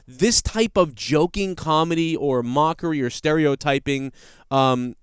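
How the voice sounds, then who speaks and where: A man's voice: a little high, a little slow, clean tone, dry recording, clean studio sound. A man hosting a podcast, ranting in a casual, blunt and profane way with rambling restarts. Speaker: podcast host. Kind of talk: casual commentary rant.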